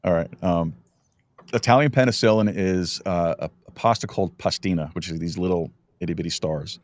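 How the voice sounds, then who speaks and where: A middle-aged man hosts a relaxed podcast chat with a fairly low voice. He tells stories in a meandering way, stumbling through restarts as he goes. The studio sound is dry and close. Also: dry recording. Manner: rambling, halting storyteller with many restarts. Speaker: podcast host. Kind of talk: casual chat.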